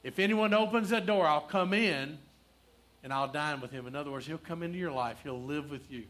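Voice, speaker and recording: A male pastor preaching a sermon in church, quoting Scripture, asking the room for answers, and softening into prayer. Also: a little high, brisk. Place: church, also streamed online.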